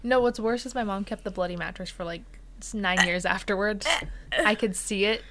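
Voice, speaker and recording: A woman's voice: mid-range voice, normal speed, a little hiss or hum. Young woman telling a true crime story. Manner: relaxed, filler-heavy telling with frequent "like" and "uh". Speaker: true crime podcast co-host.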